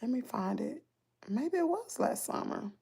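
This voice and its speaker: A woman's voice: fairly high pitch, big pitch swings, a little slow, creaky, warm tone, slightly rough. A woman vlogger with a Southern US accent, chatting casually to her viewers with lots of exclamations and asides.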